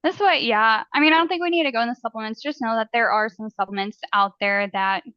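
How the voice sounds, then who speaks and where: A chatty woman with a fairly high voice co-hosts a casual podcast, quick to laugh and relatable. Her recording sounds dry and a little dull. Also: no room sound.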